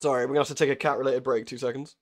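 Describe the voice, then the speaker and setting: A man's voice: medium pitch, steady tone, very fast. A young man chatting casually while live-streaming a horror game, joking, swearing and laughing often.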